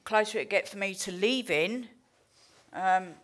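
English woman telling her recovery story, swears a lot, very candid and lively. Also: medium pitch, unhurried. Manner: blunt, candid, swears freely; heartfelt, animated storytelling. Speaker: recovery speaker. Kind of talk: personal recovery testimony.

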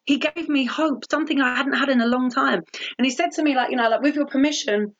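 A woman's voice: high voice, fast talker, fairly bright tone. A woman giving a blunt, candid recovery testimony, swearing freely. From England. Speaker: recovery speaker. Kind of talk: personal testimony talk. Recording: dull lo-fi audio.

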